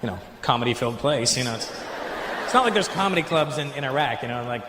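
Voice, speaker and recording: A man doing stand-up, working the crowd loudly with a punchy, teasing delivery. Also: mid-range voice, lively intonation, quick pace. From Canada. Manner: loud, teasing, punchy delivery with comic voices. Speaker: stand-up comedian. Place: large theater stage. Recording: echoey live venue with loud crowd noise.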